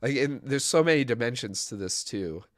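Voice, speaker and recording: A man's voice: mid-range voice, expressive, normal speed, no room sound, clean studio sound. A man co-hosting a casual web development livestream, rambling with frequent laughs, fillers and restarts. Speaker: co-host.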